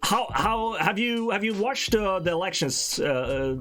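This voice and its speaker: A man's voice: high-pitched, lively intonation, unhurried, a bit bright, faint music behind. A man from Sweden with a Swedish accent, hosting a casual live stream and rambling as he talks to his chat. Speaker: livestream host.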